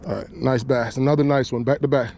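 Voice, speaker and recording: A man vlogging while bass fishing outdoors, talking casually and excitedly, often repeating himself. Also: fast talker, vocal fry, slight background noise. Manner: excited, drawling, repeats phrases. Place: outdoors on the water.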